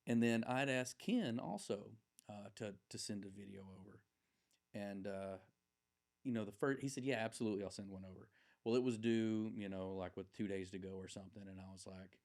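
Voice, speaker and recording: Gravelly low-voiced man telling a story. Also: fast talker. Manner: rambling, animated anecdote-telling with many fillers. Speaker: podcast guest. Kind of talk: casual storytelling.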